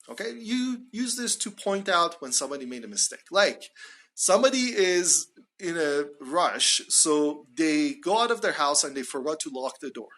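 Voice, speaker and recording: Guy teaching english phrases on a live stream, bright voice, acts out examples. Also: big pitch swings, normal speed. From Iran. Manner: explains phrases, acts them out with sudden rises in pitch. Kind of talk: live online English lesson.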